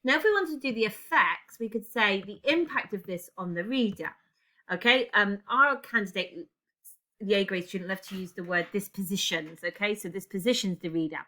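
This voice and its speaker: A woman teaches an English lesson, working through an example answer aloud. Her voice is bright and crisp, and she thinks out loud as she types. Keyboard clicks run under her speech. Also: medium pitch, moderate pace. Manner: talks while typing, thinking aloud. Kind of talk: recorded exam-writing lesson.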